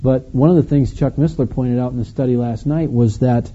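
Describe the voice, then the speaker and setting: A man's voice: medium pitch, fairly even intonation, a little fast, warm tone, muffled recording. A man from Wisconsin with a Wisconsin accent preaching a sermon, earnestly retelling the story and voicing the quoted lines. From Wisconsin, United States. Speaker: pastor.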